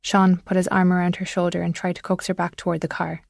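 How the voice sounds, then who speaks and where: A woman narrating a thriller audiobook in measured, scripted storytelling. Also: lowish voice, level tone, creaky, dry recording, studio quality.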